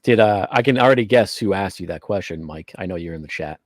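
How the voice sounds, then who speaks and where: Low-voiced quick podcast co-host man. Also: dry recording, studio quality. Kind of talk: casual chat.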